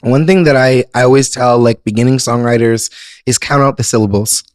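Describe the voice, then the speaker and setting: A man's voice: medium pitch, fairly even intonation, fairly quick, darkish tone, dry recording, clean studio sound. A man co-hosting a music podcast, casually explaining songwriting tips for beginners in a teacherly way. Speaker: podcast co-host. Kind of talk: casual chat about songwriting.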